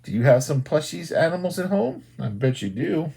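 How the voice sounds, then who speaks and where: A man, a children's librarian, doing an animated storytime read-aloud and talking to young children. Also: a little high, normal speed, creaky, slightly rough. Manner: animated, sing-song, talks to young children.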